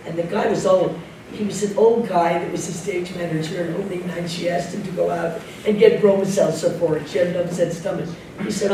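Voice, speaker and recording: An older woman tells animated anecdotes, laughing and mimicking the people in them. Her voice reaches an echoey room's distant mic, with a clear layer of noise underneath. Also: fairly low pitch, fairly quick. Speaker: guest actress. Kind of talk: anecdotal storytelling Q&A. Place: club room with live audience.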